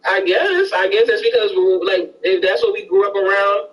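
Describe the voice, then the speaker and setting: Man, Miami accent, casual chat, high voice, hesitant, a bit distant from the mic. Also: big pitch swings, normal speed, a bit bright. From Miami, Florida. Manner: hesitant, many restarts and fillers. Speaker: conversation partner.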